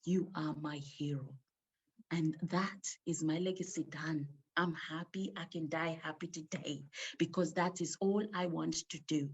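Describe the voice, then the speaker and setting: A woman telling a personal story at an online rally, emotional and emphatic, slowing down to stress key words. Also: low-pitched, fairly even intonation, slightly rough, dull audio.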